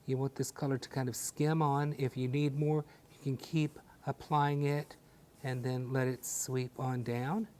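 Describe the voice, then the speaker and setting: A man guides viewers through a painting demonstration step by step. His delivery is gentle and encouraging, with a mid-range voice and homespun sayings sprinkled in. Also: medium pitch, little pitch movement, measured pace, a little hiss or hum. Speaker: painting instructor.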